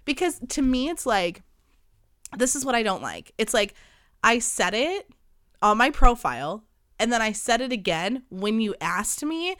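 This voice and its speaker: A woman's voice: on the high side, moderate pace, no echo. Chatty young woman, dry close sound. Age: 20s. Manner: animated, frequent swearing and "like" fillers, acts out quoted dialogue. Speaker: podcast host. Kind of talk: casual storytelling monologue.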